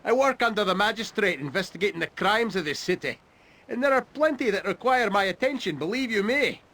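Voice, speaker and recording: Stern, high-pitched city inspector. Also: male voice, expressive, brisk, bright, forceful tone, full character voice. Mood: grave. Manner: formal, clipped and authoritative. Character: stern male city chief inspector, weary and dutiful. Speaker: game character.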